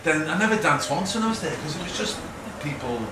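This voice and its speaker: Speaking fast with lively intonation and a slightly high voice, this middle-aged man from Liverpool, England gives a rambling, anecdotal talk to a live audience in an event hall. Chatty and self-mocking, he laughs often and acts out quotes. The distant mic captures roomy echo and background noise.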